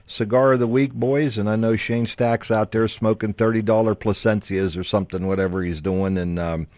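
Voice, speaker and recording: A man's voice: on the low side, fairly even intonation, moderate pace, a little mellow, no echo. A man hosting a casual podcast, telling rambling stories with lots of fillers and chuckles. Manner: rambling storyteller, many fillers and laughs. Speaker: podcast host. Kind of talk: casual chat.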